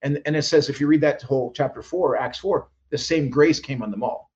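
A man speeds through his stories in an interview, jumping into the voices of the people he quotes and restarting his sentences as he goes. His voice sits a touch high for a man, and the recording sounds dull and muffled. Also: fairly quick, a little mellow. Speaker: guest minister. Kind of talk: animated storytelling interview.

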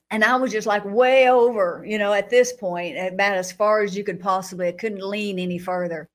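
A woman's voice: fairly even intonation, normal speed, hardly any pauses. Woman telling a dramatic testimony. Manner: dramatic, acts out her own past thoughts with sudden pitch jumps; laughs between phrases. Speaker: guest sharing a personal testimony. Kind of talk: animated testimony storytelling in an interview.

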